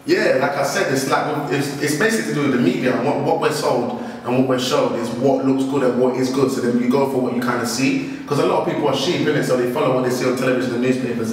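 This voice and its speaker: A young man calmly explaining his view in a casual debate. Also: medium pitch. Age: young adult. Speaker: debate panelist. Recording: roomy sound from a distant mic.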